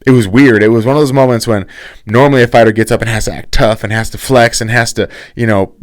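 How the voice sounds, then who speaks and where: A man's voice: medium pitch, fairly even intonation, quick pace. A man hosting his own show, giving his casual opinion on a fighting event in a rambling way, with many restarts. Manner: rambling, frequent restarts and fillers. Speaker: host.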